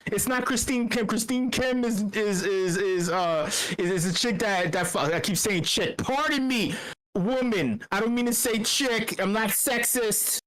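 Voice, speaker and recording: A young man hosts a meetup, and his voice sits high for a man. He rambles in crude, joking commentary, swears a lot and keeps restarting his sentences. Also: a little slow, a bit bright. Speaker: meetup host.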